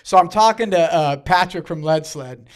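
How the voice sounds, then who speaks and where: This middle-aged guest musician speaks a little high and at a moderate pace. Chatting casually, he tells stories, performing quotes in loud bursts and cursing without restraint.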